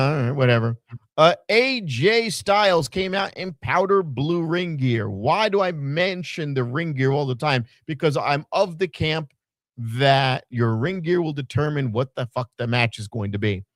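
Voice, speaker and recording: A man's voice: a little high, dry recording, studio quality. A man co-hosting a podcast, giving a blunt, profane, opinionated wrestling recap in casual chat. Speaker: podcast co-host.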